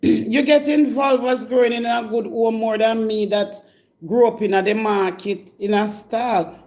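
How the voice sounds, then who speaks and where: A woman's voice: on the high side, fairly even intonation, unhurried, darkish tone. A woman with a Jamaican accent hosting a live stream, delivering an indignant, confrontational rant straight at her target. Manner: scolding, indignant, addresses her target directly.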